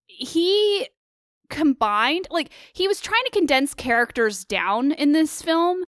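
A woman co-hosting a casual film discussion, animated and opinionated with quick asides. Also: high-pitched, no room sound, studio quality. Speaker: co-host of a film discussion show. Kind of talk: casual film commentary chat.

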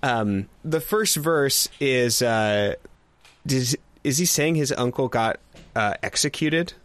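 A man's voice: medium pitch, expressive, takes it slowly, fairly bright tone, no room sound. A man co-hosting a casual music review chat, rambling with lots of fillers and frequent laughs. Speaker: podcast co-host.

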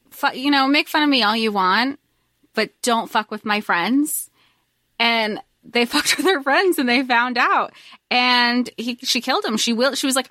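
A woman co-hosting a podcast, talking about a book in an animated, excitable way and swearing freely. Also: on the high side, no echo, clean studio sound. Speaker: podcast co-host. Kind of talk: casual book discussion.

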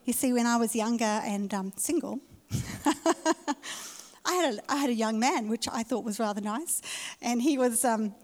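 A woman's voice: on the high side, measured pace, pauses often. A woman pastor preaching a sermon in a church, emphatic and repeating her key phrases. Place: church hall. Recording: reverberant church hall.

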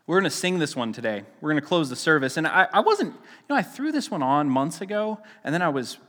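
Joking pastor in a reverberant church. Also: male voice, a little high, sing-song, a little fast, a bit bright. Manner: chatty and joking, with frequent restarts and laughs. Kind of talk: casual sermon. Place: church sanctuary. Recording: long reverb of a church hall.

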